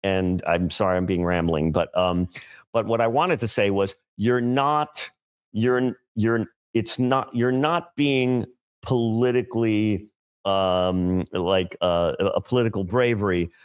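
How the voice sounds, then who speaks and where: A man's voice: lowish voice, a little slow, clear, resonant tone. A man co-hosting a comedy podcast, talking in a rambling, self-interrupting way and laughing often. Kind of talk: casual comedy podcast chat.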